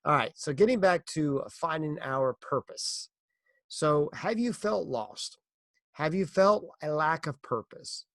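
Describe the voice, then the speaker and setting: A man's voice: on the high side, creaky, no echo, studio quality. A middle-aged man hosting a casual motivational podcast, earnest and encouraging as he speaks straight to listeners. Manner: earnest, encouraging, tells a corny joke. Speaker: podcast host.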